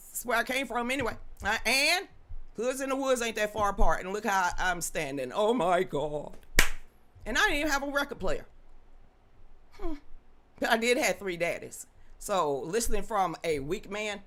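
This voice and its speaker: A woman hosts a livestream talk show, greeting viewers and answering their comments in a loud, projecting voice. Her pitch swings widely and her tone is bright and forceful. She comes across as blunt and sassy. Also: sing-song, moderate pace. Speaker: livestream news show host.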